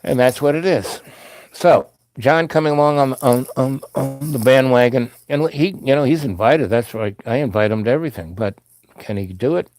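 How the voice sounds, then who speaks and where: A man's voice: mid-range voice, normal speed, a little mellow, dry recording, faint music behind. A man telling a long personal anecdote in a loose, meandering way, full of asides and restarts. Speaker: storyteller.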